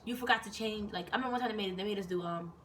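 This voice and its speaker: A young woman and soldier telling stories in a casual, animated, profane and rambling chat, recorded indoors. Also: medium pitch, racing. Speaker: vlogger and soldier. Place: indoors in Korea. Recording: distant mic with faint noise.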